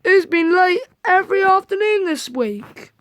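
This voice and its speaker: A woman's voice: extremely high pitch, lively intonation, slight background noise, voice pushed up. A woman voicing Thomas, a bossy and impatient male tank engine, speaking crossly in a storybook reading. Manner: cross, hurried.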